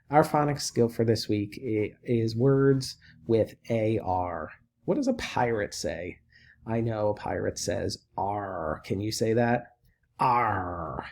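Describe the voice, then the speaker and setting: A man teaching a recorded lesson for children, who talks patiently and encouragingly and repeats each word slowly. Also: mid-range voice, vocal fry, mellow.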